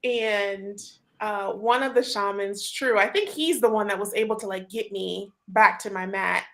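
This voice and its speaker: A woman hosting a casual group chat, telling a story in an animated way, full of fillers and laughter. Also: medium pitch, a little slow. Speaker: host.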